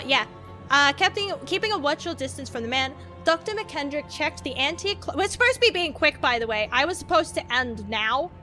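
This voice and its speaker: A high, sharp-toned Australian woman reads creepy stories and keeps breaking off to chat. She giggles, rambles and swears freely. Faint music plays softly under her voice. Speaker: VTuber streamer. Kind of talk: casual reading of horror stories with chat.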